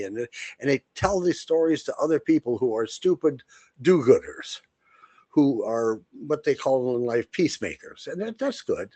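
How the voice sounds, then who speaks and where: A man's voice: mid-range voice, animated, moderate pace, dry recording. A man co-hosting a podcast, talking in a blunt, rambling way with frequent restarts and fillers. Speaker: podcast co-host. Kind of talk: casual monologue.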